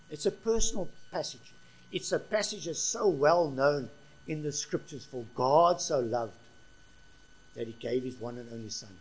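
A man preaching with fervent conviction. His voice sits a little higher than most men's and swings between ringing emphasis and hushed, earnest phrases. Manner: impassioned, swings from soft to loud. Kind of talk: sermon.

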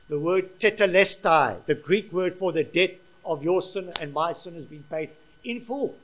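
A man preaching a sermon with passion, his voice rising to loud peaks and dropping to quiet, earnest stretches. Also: high voice, moderate pace. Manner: impassioned, swings from soft to loud.

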